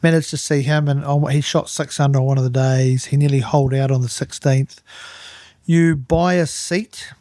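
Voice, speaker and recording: Middle-aged man, New Zealand accent, animated storyteller, dry recording. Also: mid-range voice, normal speed, dry recording. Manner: animated anecdotes, acts out other people's voices. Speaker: guest, turf manager. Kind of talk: casual storytelling chat.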